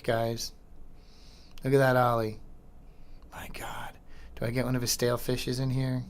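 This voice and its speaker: A middle-aged man hosting a podcast, commenting casually and excitedly over old skateboarding footage, slangy and swearing. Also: medium pitch. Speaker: podcast host.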